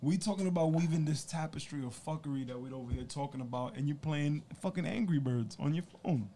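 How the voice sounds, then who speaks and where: A man co-hosting a casual podcast, joking loudly and swearing a lot among friends. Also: on the high side, fast, a little hiss or hum. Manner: loud, joking, profane. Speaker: podcast co-host. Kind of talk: casual banter.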